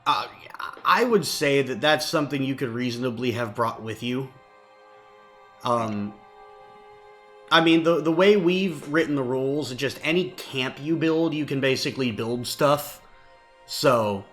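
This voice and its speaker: Male game master, easygoing, middle pitch, soft music bed. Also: measured pace. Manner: easygoing, hesitant with fillers. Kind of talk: narrating a tabletop game.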